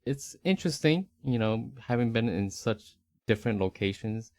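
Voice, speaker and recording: Medium-pitched and animated, with a darkish tone and no echo, this young man talks at a moderate pace. He's from the Northeastern US with a slight Rhode Island accent, co-hosting a conversational podcast and rambling easily through fillers and restarts.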